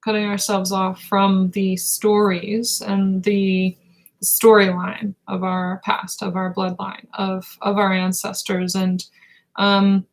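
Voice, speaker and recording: Her voice gravelly and thick with fry, a female intuitive reader gives a spiritual reading live at a slow, meditative pace. Pitch holds level throughout, while she hesitates frequently, pausing and filling gaps to reach for words. The recording quality is low.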